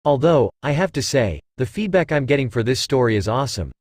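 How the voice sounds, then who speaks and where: A man reading fanfiction aloud, with a lively, swinging pitch. He sits close in a dry, dead sound, moving from chatty notes into steady narration. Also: a little fast, no echo. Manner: chatty author's notes, then plain narration.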